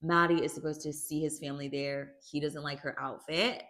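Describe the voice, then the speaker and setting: A woman casually recapping a TV season for a video, chatty and animated, breaking off with her own reactions. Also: low-pitched, brisk. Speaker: YouTube recap host.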